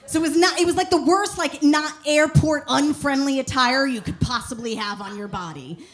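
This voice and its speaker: High-voiced and speaking at normal speed, this woman does stand-up storytelling at a comedy club. Her tales ramble and turn profane, with restarted sentences and acted-out dialogue.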